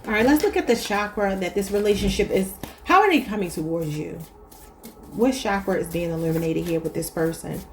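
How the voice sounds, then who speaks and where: A woman's voice: mid-range voice, brisk, a little hiss or hum. A woman with a Baltimore accent, giving a casual, chatty tarot reading and talking straight to her viewers. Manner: chatty, addresses viewers as y'all. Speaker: tarot reader.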